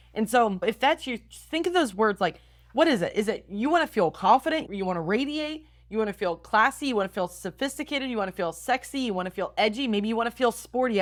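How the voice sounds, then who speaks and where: Upbeat woman coaching her listeners. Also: medium pitch. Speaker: podcast host and style coach. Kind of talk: motivational podcast talk.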